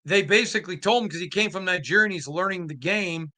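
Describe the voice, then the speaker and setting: A man's voice: high voice, fast, sharp tone. A man hosting a sports podcast, talking emphatically and animatedly with lots of restarts and asides. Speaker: podcast host. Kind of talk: casual sports commentary.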